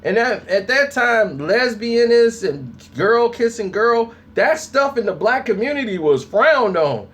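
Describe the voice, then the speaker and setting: A young adult man giving casual spoken commentary on his channel, telling stories in a lively way and acting out people's reactions. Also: very high-pitched, a little slow, hardly any pauses, husky. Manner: animated storytelling, acts out reactions. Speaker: vlogger.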